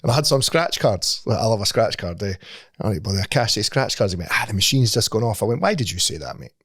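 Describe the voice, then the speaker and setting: Lively Scottish man telling stories. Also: on the low side, quick pace, dry recording, clean studio sound. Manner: swearing, laughing storyteller. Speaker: podcast co-host. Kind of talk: casual chat.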